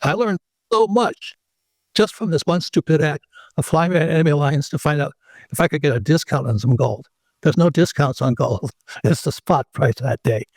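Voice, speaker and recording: An older man spins a rambling anecdote as an interview guest, his voice sitting a little high for a man and jumping higher when he acts out the people in his story. The recording is dry and close, with no room sound. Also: normal speed, no room sound. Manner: animated anecdote teller who acts out the people in his stories.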